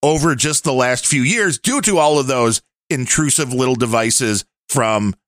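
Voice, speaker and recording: A middle-aged man co-hosting a podcast, chatting casually and rambling a little, quick to laugh. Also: mid-range voice, a bit bright, no echo, clean studio sound. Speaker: podcast co-host. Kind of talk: casual chat.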